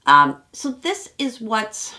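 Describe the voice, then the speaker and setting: A woman's voice: a little high, big pitch swings, takes it slowly, pushed and bright. A woman therapist giving chatty, reflective commentary on a reality TV episode and acting out quotes from the show.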